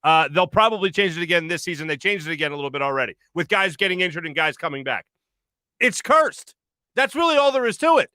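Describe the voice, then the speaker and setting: A man from the Philadelphia area hosting a casual sports radio chat, excitable and jokey with quick exclamations. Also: a little high, no echo.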